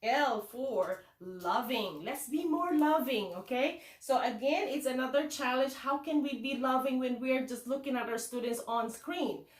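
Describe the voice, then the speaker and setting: A woman teacher from the Philippines with a Filipino accent, giving animated tips to fellow teachers, asking and answering her own questions. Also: sits high, normal speed, few pauses, reverberant, distant mic. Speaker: kindergarten teacher.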